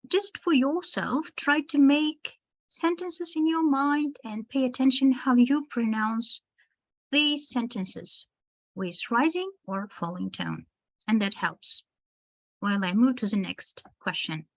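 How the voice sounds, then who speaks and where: A woman's voice: a little high, animated, slow pace, low-quality recording. A woman teacher trainer giving an online webinar lecture, explaining step by step and addressing her listeners as dear teachers. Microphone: video call.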